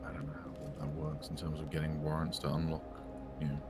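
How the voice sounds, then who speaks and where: A man's voice: rumbling low, completely flat delivery, fast, over loud music. A man playing a blunt, matter-of-fact figure in a role-play game, swearing now and then.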